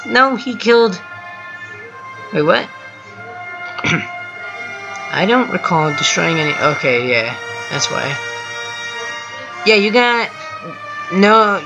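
A gameplay host giving casual, excitable running commentary from home while chatting with a teammate. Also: mid-range voice, highs cut off. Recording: game music clearly heard underneath. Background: music from the game.

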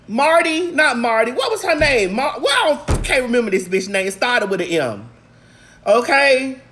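A woman in a casual, profane vlog rant recapping a movie, swinging between shouts, laughs and low mutters, a little congested. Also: sing-song, moderate pace, a little hiss or hum. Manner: talks straight to viewers. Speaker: vlog host.

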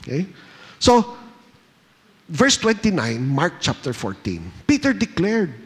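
Animated Filipino pastor preaching in a church. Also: male voice, on the high side, slow pace, pauses often, in a large hall. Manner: animated preaching, switching languages, rhetorical questions. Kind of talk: sermon. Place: church hall.

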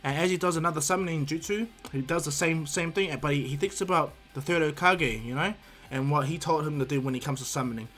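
A man with a slightly high voice tells an improvised fan story, stumbling through fillers and restarts. Soft music sits faintly underneath. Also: fast talker. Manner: hesitant, frequent fillers and restarts. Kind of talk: improvised fan-fiction narration.

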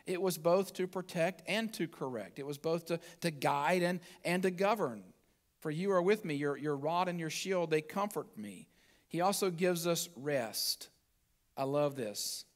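Emphatic higher-voiced male pastor preaching. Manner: emphatic preaching, swinging from soft and low to loud and high; scripture quoted aloud and picked apart. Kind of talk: sermon.

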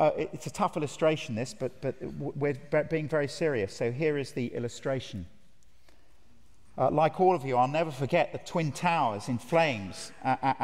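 A man with a medium-pitched, darkish voice gives an earnest, emphatic sermon at a conference and asks his listeners direct questions, his words echoing in a large, reverberant hall.

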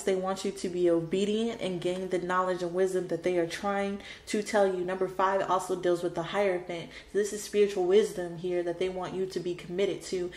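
A woman's voice: on the low side, a little mellow. Emotional woman giving a tarot reading. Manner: emotional and dramatic, repeating phrases. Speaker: tarot reader. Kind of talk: spoken tarot card reading. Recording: roomy echo with faint background noise.

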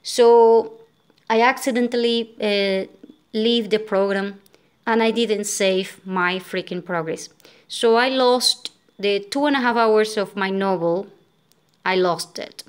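A woman's voice: mid-range voice, slow pace, clear, resonant tone. A woman from Venezuela, exhausted, telling a story as a frustrated vlogger rant, full of fillers and restarts.

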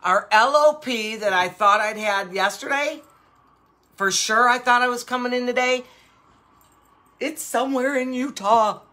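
A woman's voice: on the high side, a little slow. An older woman hosting a live jewelry sale show, chatting casually and rambling through stories with frequent laughs. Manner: animated, with many fillers. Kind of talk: casual chat.

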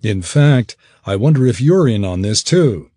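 A man's voice: mid-range voice, expressive, a little slow, mellow, no echo, clean studio sound. A man voicing a young man who speaks firmly and coldly. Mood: cold angry. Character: young man, stubborn and hot-tempered.

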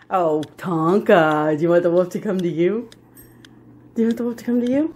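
A woman's voice: mid-range voice, animated, brisk, long pauses, darkish tone, slightly rough. A woman filming her dog and talking to it in a playful, coaxing baby-talk voice, with frequent laughter. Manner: sing-song and coaxing, laughs often.

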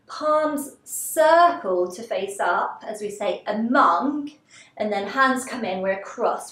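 A woman leading a gentle seated movement class, giving encouraging step-by-step cues. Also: medium pitch, lively intonation, measured pace. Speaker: dance and movement instructor. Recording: roomy, echoey room.

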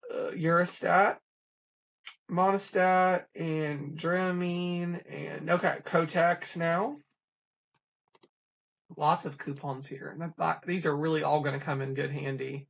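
Gravelly, husky couponing host. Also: medium pitch, steady tone, muffled recording. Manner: reads items off in a quick plain list. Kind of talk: casual coupon rundown.

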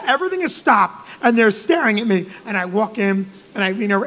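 A comedian co-hosting a live show, telling an animated, profane story and shouting his punchlines. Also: very high voice, brisk, big-room sound. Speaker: comedian and co-host.

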